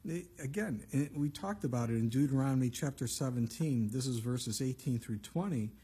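Male pastor, very husky voice, conversational sermon with asides. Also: mid-range voice, lively intonation, normal speed, dark tone. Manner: conversational preaching with frequent asides.

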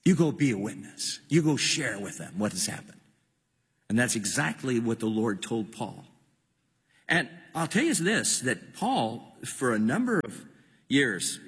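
A man's voice: fairly high pitch, a bit bright, husky, in a large hall. A man preaching a sermon with impassioned, emphatic delivery, often repeating his words.

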